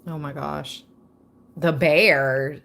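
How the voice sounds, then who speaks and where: Young woman doing a live tarot stream, bright sharp voice, excitable, takes her time talking. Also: sits low, drawn-out words, vocal fry. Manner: excitable, chatty, laughs often. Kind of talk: casual live-stream reading.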